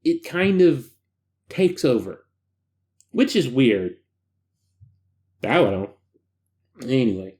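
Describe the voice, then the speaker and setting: A man's voice: a little high, big pitch swings, takes it slowly, pauses often, darkish tone. Chatty man reading a horror file aloud. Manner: chatty, self-deprecating asides between read passages. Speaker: host reading stories aloud. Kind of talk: casual reading with asides.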